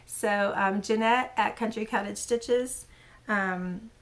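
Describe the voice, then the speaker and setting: A woman's voice: medium pitch, steady tone, slow. A woman hosting her own crafting channel, showing her latest patterns in casual, rambling chat full of fillers and self-corrections. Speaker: cross-stitch channel host. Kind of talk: casual show-and-tell chat.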